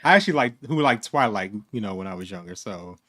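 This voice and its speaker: A man's voice: lowish voice, lively intonation, fast, a crowd in the background. A man talking as a guest in a casual book chat over a video call. He is easygoing, laughs often and fills his talk with fillers. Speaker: guest booktuber.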